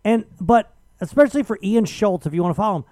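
A radio host man tells a heated story in a high, restless voice. His pitch leaps all over as he argues his case. The sound is dry and close. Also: quick pace, dry recording. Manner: animated, argumentative storytelling. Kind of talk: casual chat.

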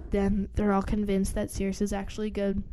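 A woman casually retelling a story in a chatty way, full of fillers and quick acted-out lines. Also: mid-range voice, monotone, warm tone, dry recording. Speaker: storyteller retelling a book plot.

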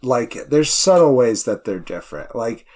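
A man's voice: mid-range voice, sing-song, moderate pace. Hesitant man in casual film chat. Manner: hesitant, filler-heavy, trailing off quietly. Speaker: podcast co-host.

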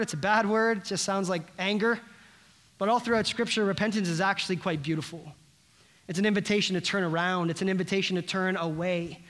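A man's voice: high-pitched, fairly bright tone. A pastor preaching a sermon to his congregation, earnest and building through emphatic repeated phrases.

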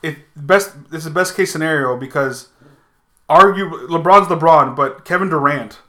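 A man's voice: a little high, pushed and bright. A man co-hosting a casual sports podcast, talking emphatically with lots of swearing. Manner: fast, profane, emphatic. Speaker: podcast co-host.

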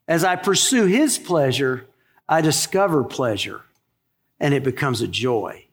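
A man's voice: medium pitch, expressive, a little slow. A man in his sixties, a pastor preaching a sermon in a conversational, folksy way with asides to the congregation.

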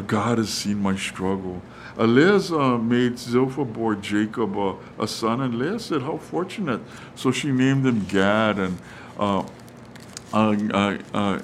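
A man's voice: lowish voice, slight background noise, rough recording. A man preaching a sermon, reading Bible verses with many fillers and restarts. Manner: reads verses and acts out quotes casually. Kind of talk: sermon on Scripture.

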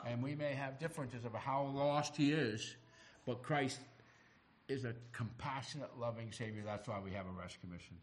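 A middle-aged man preaching a sermon, animated and acting out the voices he quotes. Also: medium pitch, unhurried. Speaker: pastor.

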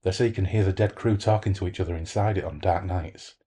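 A man's voice: low voice, steady tone, fast, warm tone, slightly rough. A man reading the part of an elderly male French villager telling grave wartime and ghost stories. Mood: solemn.

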